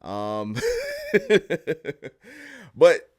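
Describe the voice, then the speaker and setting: A man's voice: fairly low pitch, sing-song, extremely slow, a little mellow, clean tone. A man from Canada, chatting casually with his live-stream viewers and rambling through stories with frequent chuckles.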